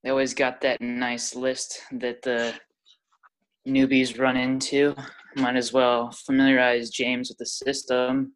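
An excitable player in a tabletop role-playing game. The talk rambles, with lots of fillers, between in-character and out-of-character remarks. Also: mid-range voice, slow pace. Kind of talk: casual tabletop role-play.

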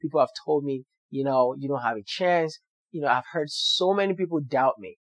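A man's voice: on the high side, moderate pace, no echo. A young man earnestly telling a personal story to viewers, with motivational emphasis. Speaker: doctor sharing his story.

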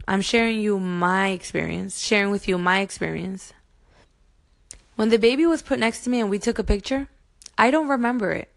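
A woman in her thirties telling her own birth story to her viewers, emotional and earnest, speaking to them directly. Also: a little high. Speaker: mom vlogger. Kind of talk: personal storytelling to camera.

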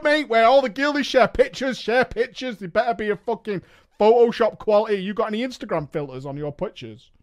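A man streaming, reading a story aloud and breaking off with quick, joking reactions. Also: very high-pitched. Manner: animated, swears and laughs often, reads in quick asides.

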